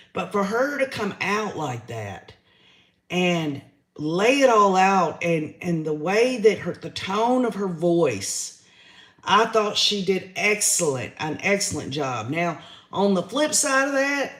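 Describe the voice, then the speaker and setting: A man's voice: high voice, a bit bright, reverberant. A man, hosting a livestream, giving his opinions in a chatty way and reading out viewer comments. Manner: chatty, opinionated, says y'all often. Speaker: livestream host reading chat.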